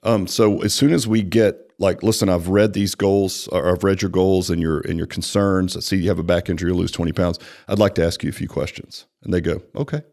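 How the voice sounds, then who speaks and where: A man giving conversational sales training, animated, acting out client dialogue and often checking in with "right?". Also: low voice, a little fast, few pauses. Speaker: personal training franchise executive.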